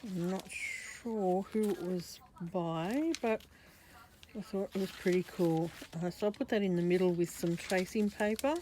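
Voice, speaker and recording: A woman's voice: fairly low pitch, measured pace, dark tone, slight background noise. A woman with an Australian accent, chatting casually through a craft journal flip-through, meandering and often correcting herself. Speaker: craft vlogger.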